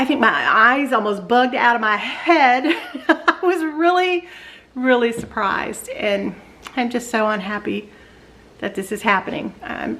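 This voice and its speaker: A grandmotherly woman in her sixties chats through her grocery haul with a slightly high, homey voice. She rambles along with fillers and restarts, sounding a little out of breath. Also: fairly bright tone, a little hiss or hum. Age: 60s. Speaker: vlog host. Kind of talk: casual grocery haul chat.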